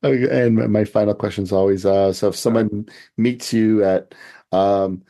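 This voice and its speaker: A Canadian man hosting a podcast interview, talking in a halting way with many fillers and restarts, and often laughing. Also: lowish voice, fairly even intonation, warm tone. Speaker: podcast host. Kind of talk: casual interview chat.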